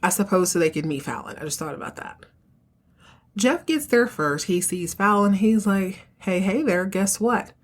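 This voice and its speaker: A woman hosting a podcast, casually recapping a TV episode and acting out the characters' lines with slangy, animated asides. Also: medium pitch, moderate pace. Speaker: podcast host recapping a TV show. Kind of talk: casual recap with acted-out dialogue.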